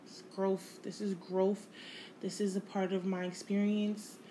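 Candid woman musing in a halting monologue. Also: mid-range voice, flat delivery, warm tone, slight background noise, poor audio. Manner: reflective, halting, repeats phrases; emotional, candid, casual swearing. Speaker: podcast host. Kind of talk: unscripted personal monologue.

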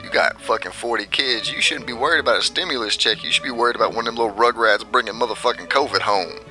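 A man's voice: mid-range voice, fast talker, sharp tone, soft background music. A man vlogging a brash, profane rant and laughing often at his own jabs.

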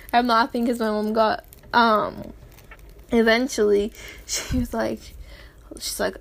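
A teenage girl talks through her vlog slowly and casually, drifting between topics and apologizing. Her voice sits fairly high, and she sounds a little strained from a sore throat. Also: creaky. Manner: rambling, chatty, giggly, apologetic asides. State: throat sore, tongue feels swollen. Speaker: vlogger. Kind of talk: casual chat.

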